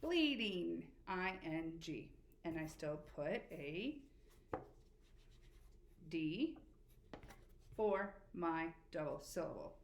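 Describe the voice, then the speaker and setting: A woman teacher giving a spelling lesson to children, patient and encouraging, slowly spelling letters out. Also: low voice. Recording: echoey room with faint background noise.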